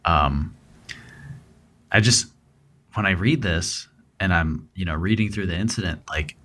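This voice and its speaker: A man's voice: low voice, unhurried, a bit bright. A man co-hosting a true crime podcast, reading case details and then chatting about them loosely with fillers. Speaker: podcast co-host.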